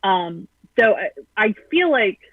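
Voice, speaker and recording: Calling in over a tinny, dry phone line with no echo, a guest delivers political commentary in a mid-range, sing-song voice at a slow pace. The tone is blunt and sarcastic, with frequent ums.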